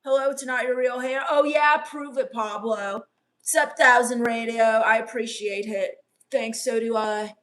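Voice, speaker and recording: Her voice is a little high and a little slow as she plays a sullen, scornful goth teen vampire on a comedy live stream. Reading through chat, she delivers flat, sarcastic put-downs.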